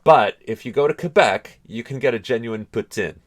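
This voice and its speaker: Canadian man, reaction-video host, emphatic explainer, middle pitch. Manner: explains points slowly and emphatically. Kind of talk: casual commentary over a video.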